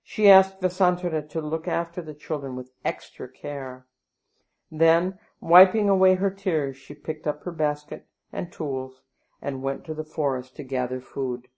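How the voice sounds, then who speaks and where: Woman narrator for a storybook, low-pitched, measured and even delivery. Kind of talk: storybook reading.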